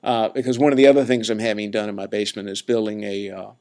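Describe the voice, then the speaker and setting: A man's voice: fairly low pitch, level tone, fast, darkish tone. A man hosting a podcast, telling stories in a chatty, laid-back way with lots of fillers and restarts. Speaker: podcast host. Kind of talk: casual rambling storytelling.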